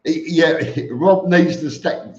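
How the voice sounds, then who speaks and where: Slow-talking man hosting a live stream. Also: a little high. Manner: greets viewers by name, chatty. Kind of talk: casual live stream chat reading comments. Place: home room with fans on. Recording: echoey room, dull lo-fi sound.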